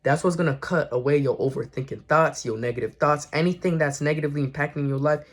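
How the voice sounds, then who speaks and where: Talking fast in a voice on the high side, a young man gives a casual motivational talk to camera full of spiritual encouragement. He's earnest and slangy, and he often repeats and corrects himself.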